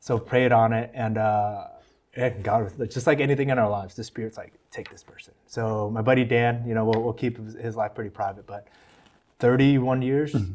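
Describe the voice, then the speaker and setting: A man's voice: mid-range voice, moderate pace. An American man, a podcast guest, telling his testimony in a casual, earnest way and acting out the voices of people he quotes. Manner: earnest, animated storytelling with quoted dialogue.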